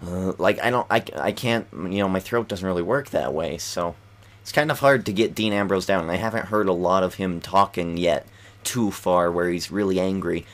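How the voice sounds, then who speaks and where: A deep-voiced man talks at normal speed, offering loose, rambling commentary on a game from home. Since it's nighttime he stays quiet, often stumbling into fillers and starting over.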